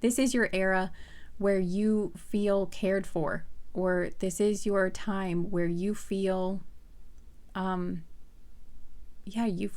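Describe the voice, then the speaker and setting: A woman's voice: mid-range voice, a little mellow. Chatty woman giving a tarot reading. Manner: chatty and earnest, with many fillers and restarts. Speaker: tarot card reader. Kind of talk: casual pick-a-card tarot reading to viewers.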